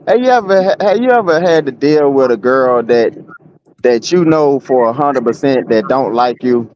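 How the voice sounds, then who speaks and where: A man's voice: medium pitch, animated, moderate pace, darkish tone, highs cut off, a little hiss or hum. A man in a casual streamed argument, rambling and repeating himself with blunt street talk. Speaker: guest.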